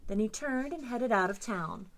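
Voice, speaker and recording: A woman librarian reading a picture book aloud to children with expressive, dramatic storytelling. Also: a little high, normal speed.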